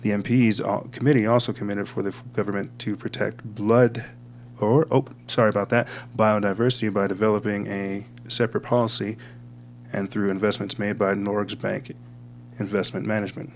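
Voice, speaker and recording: A rambling male host with a somewhat low voice talks casually and often trips over his own words. A faint electrical hum sits under the recording. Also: level tone, normal speed, vocal fry. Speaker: podcast host. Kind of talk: casual commentary reading from screen.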